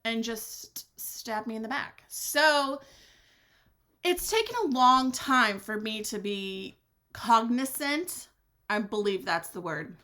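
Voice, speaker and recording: A woman hosting her own podcast, talking alone in a blunt, sassy way, swearing freely and swinging her pitch for drama. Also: expressive, slow, bright, forceful tone. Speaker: podcast host. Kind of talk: candid solo podcast monologue.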